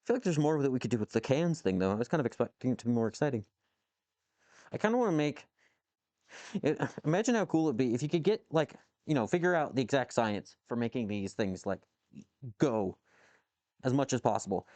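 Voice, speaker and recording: A man's voice: mid-range voice, expressive, a little fast, long pauses, darkish tone, no room sound. A man casually chatting with viewers on a live stream from his workshop, rambling, swearing and reacting to chat. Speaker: livestreamer answering chat while machining. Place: home workshop with a lathe.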